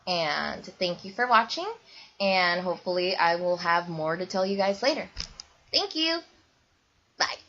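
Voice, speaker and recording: A woman's voice: lowish voice, moderate pace. A young woman vlogging casually to camera, rambling with lots of ums and likes. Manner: rambling, many ums and likes, bursts into loud squeals when retelling. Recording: dull lo-fi webcam audio.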